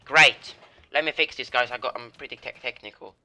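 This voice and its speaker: A man's voice: medium pitch, brisk, sharp tone, slight background noise. A teenage boy commenting on his own gameplay, screaming and raging at the game. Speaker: gaming channel host. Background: faint background music.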